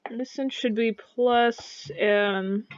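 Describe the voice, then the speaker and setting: A woman game master narrates a tabletop game, rambling through fillers. Her voice sits fairly high. The sound is dry and a little muffled. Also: fairly even intonation, drawn-out words, clean tone, no echo.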